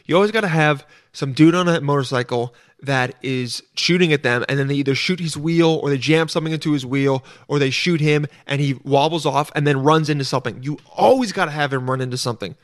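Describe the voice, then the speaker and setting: Male podcast host, rambling profane riffs, slightly high voice, dry close mic. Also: brisk, few pauses, dry recording. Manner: rambling, profane, self-interrupting. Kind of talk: casual solo monologue.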